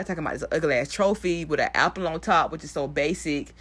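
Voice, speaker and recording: A young woman giving a blunt, animated recap of a TV episode, swearing freely. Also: low voice, fairly quick, few pauses, slightly rough. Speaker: TV recap vlogger. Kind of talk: casual profane show recap.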